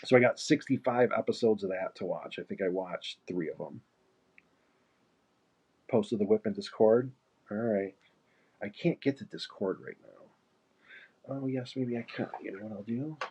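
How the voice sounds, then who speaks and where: A man's voice: fairly low pitch, normal speed, pauses often, a little mellow, slightly rough. A man chatting casually and rambling while he paints on a live stream, laughing now and then. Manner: rambling, easygoing, laughs often. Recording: muffled lo-fi stream mic.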